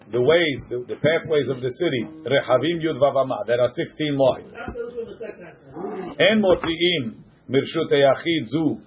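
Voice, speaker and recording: A man's voice: medium pitch, breathy edge. A man teaching a Talmud class, reading Hebrew and Aramaic phrases aloud and translating each one into English for his students in a classroom. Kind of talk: classroom Gemara lesson. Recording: muffled lo-fi classroom recording.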